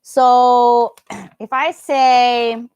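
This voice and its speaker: A woman's voice: fairly high pitch, level tone, very slow, a little mellow, smooth, no echo, dull audio. A woman with an American accent teaching a live English lesson, enunciating words carefully and slipping into Indonesian phrases. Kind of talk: live online language lesson.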